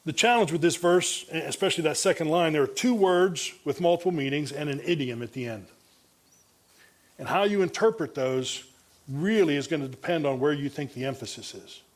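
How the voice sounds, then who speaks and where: A male pastor gives an expository sermon, reading from Bible translations and comparing them, often restarting phrases and repeating words. His voice is a little high and moves at a normal speed.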